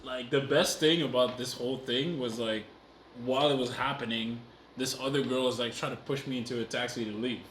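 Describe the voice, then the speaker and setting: A man's voice: mid-range voice, steady tone, brisk, a bit bright. Laid-back man chuckling along. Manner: laid-back, chuckling, short agreeing replies. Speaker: podcast co-host. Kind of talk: casual chat. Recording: roomy echo with faint background noise.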